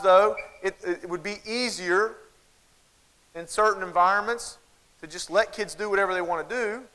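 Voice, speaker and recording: A man with a Southern American accent gives a humorous keynote to a large conference crowd, speaking directly to the audience in a folksy, animated style. His voice sits high with a clean tone, though the recording is rough.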